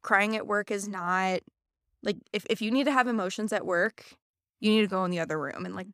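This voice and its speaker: A woman's voice: medium pitch, a little fast, a bit bright, dry recording, clean studio sound. A young adult woman co-hosting a podcast, telling a personal story candidly and earnestly in casual chat. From United States. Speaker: podcast co-host.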